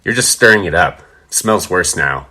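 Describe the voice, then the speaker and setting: A cranky old barfly who grumbles and mocks from his stool, as a man puts him on. The voice is pushed high and loud over a naturally low, bright tone. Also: lively intonation, moderate pace, exaggerated voice. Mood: grumbling. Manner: growling, complaining. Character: grumpy old male day-drinking bar regular.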